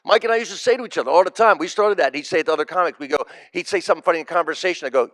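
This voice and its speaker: Racing along with few pauses, a US comedian honors the deceased at a live memorial with punchy stand-up stories, hammering key phrases through repetition for emphasis. His voice is fairly high and fairly bright, and the recording is dry.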